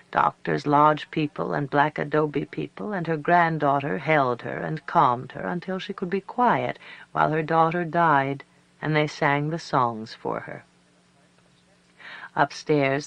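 Storyteller reading a tale, gravelly voice, dry close sound, takes it slow on key bits. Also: medium pitch, a bit bright, no echo, rough recording. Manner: measured, slowing for emphasis. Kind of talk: scripted narration of a story.

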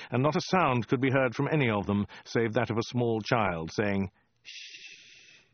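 A man narrating a comic story in a dry, deadpan way. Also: on the low side, dry recording, lo-fi sound. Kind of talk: audiobook reading.

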